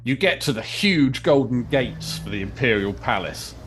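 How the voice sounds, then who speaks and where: A man's voice: mid-range voice, animated, moderate pace, noisy background. A man hosting a podcast, playfully narrating a choose-your-path game scenario. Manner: playful, chatty storyteller. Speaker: podcast host and game master.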